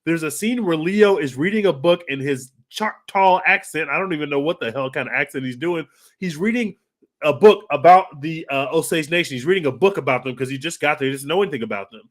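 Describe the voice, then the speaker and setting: Excitable man, high voice, casual podcast reviewer who swears and gushes. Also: brisk. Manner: excitable, gushing, swears freely. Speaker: podcast co-host. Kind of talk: casual film review chat.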